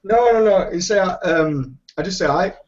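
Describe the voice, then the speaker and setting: A man from Yorkshire with a Yorkshire accent, a guest chatting over a video call, halting and self-deprecating. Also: sits high, darkish tone. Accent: Yorkshire English. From Yorkshire, England. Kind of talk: casual chat. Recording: muffled video call audio.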